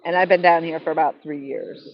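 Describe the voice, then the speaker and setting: A woman's voice: deep voice, fairly even intonation, fairly quick, muffled recording, a little hiss or hum. A woman from New Hampshire hosting a live stream outdoors, chatting casually and reading viewer comments aloud. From New Hampshire, New England. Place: outdoors by the water. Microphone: Bluetooth headset.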